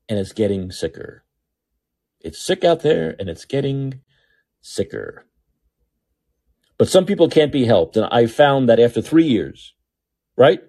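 A male podcast host talks alone at home in an opinionated monologue, his mid-range voice husky and animated. He's sarcastic, swinging between loud outbursts and muttered asides.

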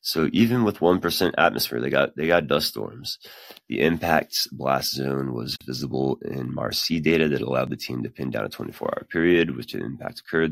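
A man's voice: rumbling low, vocal fry, a bit bright, no echo. A man hosting a podcast, reading science news aloud and breaking off into casual, swearing, self-deprecating asides. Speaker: podcast host.

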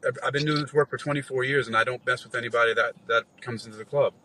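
Bright-voiced man telling a rambling story. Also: mid-range voice, rapid-fire, low-quality recording. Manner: rambling, profane, animated retelling with quoted dialogue. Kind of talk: casual storytelling.

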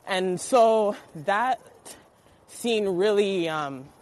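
A woman actor speaking in a reflective, measured way as a guest in a casual podcast interview. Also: medium pitch, expressive, low-quality recording.

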